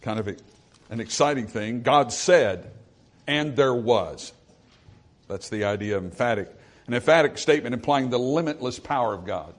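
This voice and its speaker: A male pastor preaching a sermon, swinging from forceful emphasis to hushed, quiet lines. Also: mid-range voice, fast talker.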